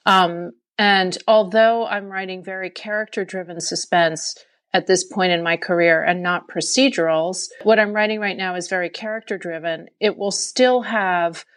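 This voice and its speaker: A woman suspense author giving a thoughtful, measured interview answer. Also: lowish voice, steady tone, a bit bright, clear, resonant tone.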